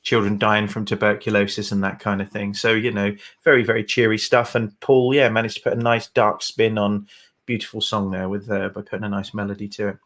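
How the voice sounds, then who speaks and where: A man's voice: lowish voice, flat delivery, fairly quick, a bit bright. Chatty man co-hosting a shanty stream. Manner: rambling with fillers and asides. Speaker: livestream co-host and singer. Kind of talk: casual livestream chat.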